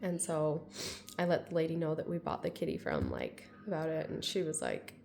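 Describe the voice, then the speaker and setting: A woman in her thirties talks straight to her viewers in a loose, rambling vlog, leaning on "like" again and again. Her voice carries a lot of vocal fry and sounds raw with emotion, close to tears. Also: low voice, huge pitch swings, moderate pace, darkish tone, a little hiss or hum. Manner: rambling, heavy use of "like", tearful. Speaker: vlogger. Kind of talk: casual personal vlog.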